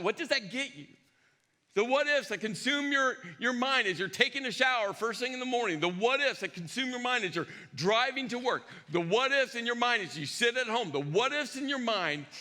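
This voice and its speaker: A male pastor preaching a sermon, telling a story with lively acted-out dialogue and sometimes dropping to a hushed intensity. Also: very high-pitched, normal speed. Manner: animated storyteller acting out dialogue. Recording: long reverb of a large hall.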